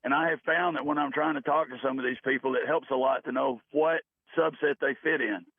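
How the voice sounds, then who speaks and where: A man's voice: mid-range voice, steady tone, fairly quick, no echo. A man from Tennessee calling in to a radio show, losing his voice, earnest and chatty. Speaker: caller. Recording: tinny phone line.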